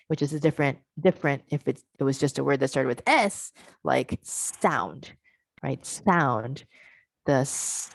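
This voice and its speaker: Low-voiced woman presenting a teaching workshop. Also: creaky, no echo. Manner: explains step by step, modelling sounds with slow drawn-out syllables. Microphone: video call.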